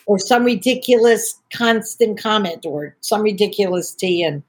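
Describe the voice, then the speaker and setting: A woman's voice: medium pitch, expressive, normal speed. An older woman, a tea entrepreneur, chatting as a podcast guest and telling long rambling stories. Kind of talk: podcast conversation.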